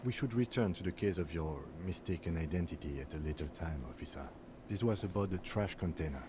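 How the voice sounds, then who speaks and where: A man's voice: low-pitched, brisk, lightly acted. A man voicing a composed, formal police lieutenant in a video game. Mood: calm. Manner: calm, formal and dry. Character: composed, dry-witted male police lieutenant. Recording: game audio with faint noise.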